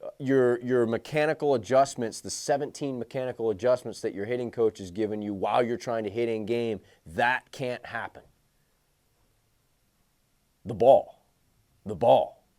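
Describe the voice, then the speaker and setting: A man's voice: on the low side, a little mellow. Blunt, emphatic male hitting coach. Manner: blunt, emphatic, repeats key points. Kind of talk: coaching talk to players.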